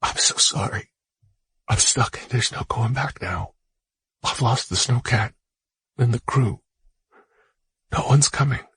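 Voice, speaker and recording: A man voicing a raspy, tearful grieving man. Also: fairly low pitch, steady tone, slow pace, dry recording, heavily acted. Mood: tearful whisper. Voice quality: raspy, quavering voice. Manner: hushed tearful whispering. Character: grieving young man saying farewell.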